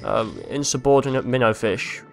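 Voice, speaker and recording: A young man commentating a video game he is playing, rambling and crude, mocking himself and breaking into silly yells. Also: medium pitch, normal speed, vocal fry, faint music behind. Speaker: let's play host.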